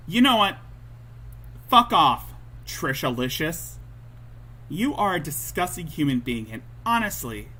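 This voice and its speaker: A man's voice: mid-range voice, fairly bright tone, a little hiss or hum. A man hosting a livestream, reacting to clips with angry, profane ranting. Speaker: livestream host.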